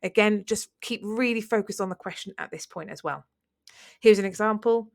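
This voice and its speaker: A woman's voice: mid-range voice, normal speed, vocal fry. A woman teaching an exam revision lesson, explaining step by step in an encouraging way. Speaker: English teacher.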